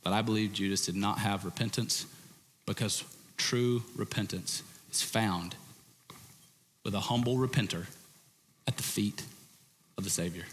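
A male preacher giving an animated, conversational sermon with frequent restarts. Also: fairly low pitch, a little slow, long pauses. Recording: reverberant hall.

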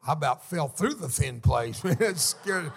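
Brief: middle-aged male preacher, gravelly, slightly high, folksy storyteller who swells to shouts. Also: animated, measured pace, slight background noise. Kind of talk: sermon storytelling.

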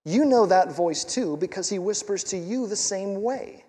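A man's voice: high-pitched, expressive, normal speed, mellow, husky, long reverb tail. A male pastor preaching a sermon in a conversational, emphatic way, with rhetorical questions and repeated words for stress.

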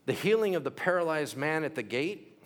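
A man's voice: a little high, lively intonation, fairly quick. A man preaching a sermon, telling the stories animatedly with sound effects and acted-out quotes.

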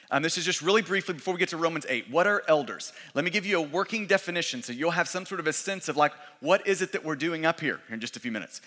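Man, pastor, casual sermon, restarts phrases, tense bright tone, long hall reverb. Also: on the high side. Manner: conversational, repeats words, restarts. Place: church sanctuary.

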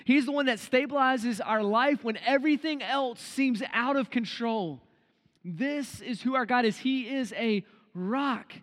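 A man preaching an earnest devotional sermon who slows down to stress key phrases. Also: very high-pitched, a bit bright. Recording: long reverb tail.

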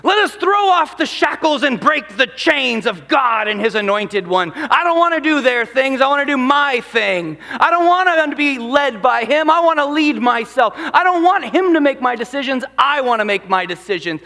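A man voicing pompous, rebellious earthly kings who loudly declare their freedom. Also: very high voice, animated, normal speed, creaky, few pauses, pitched above the performer's own voice, heavily acted. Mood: defiant. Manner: shouting, puffed-up declaring.

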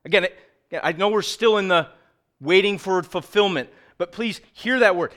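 A middle-aged man preaching a sermon as pastor, earnest, sometimes dropping low and quiet for emphasis, sometimes telling lively stories. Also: moderate pace. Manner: animated storytelling with acted quotes.

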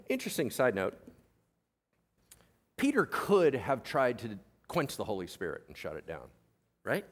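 A man preaching a sermon as pastor, animated and joking, acting out the voices of people in the story. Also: mid-range voice, measured pace, long pauses, husky. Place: church.

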